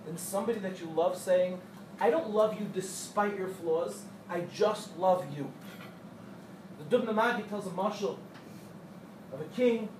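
A man teaching a Torah class to young women, telling parables with animated, acted-out quotes and light joking. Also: sits high. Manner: animated storyteller who acts out quotes and jokes with the audience. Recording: echoey room, distant mic, faint hum.

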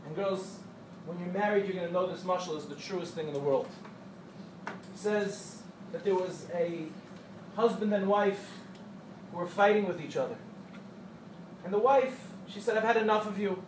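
A man teaching a Torah class to young women, telling parables with animated, acted-out quotes and light joking. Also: sits high, normal speed, pauses often. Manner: animated storyteller who acts out quotes and jokes with the audience. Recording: echoey room, distant mic, faint hum.

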